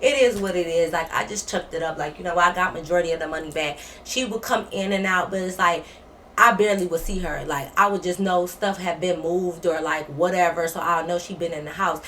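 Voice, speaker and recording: A young woman vlogger telling a story in a casual storytime style, blunt, profane and animated. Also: on the low side, a little fast, a little hiss or hum.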